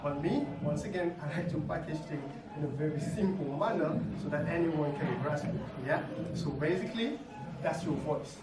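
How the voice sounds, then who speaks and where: A man teaching a dance lesson, explaining ideas simply and ending his points with quick tag questions. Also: fairly high pitch, lively intonation, very noisy. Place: dance studio. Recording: echoey room, mic far off. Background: music playing.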